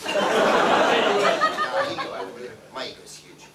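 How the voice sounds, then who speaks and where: Man, stand-up comedian, sardonic and profane, lively pitch, roomy live club, loud crowd noise. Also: unhurried. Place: live comedy venue with audience.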